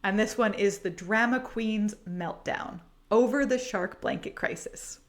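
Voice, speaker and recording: A woman's voice: medium pitch, measured pace. A woman host reading a playful story aloud and commenting on it, giggling often. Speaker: podcast host.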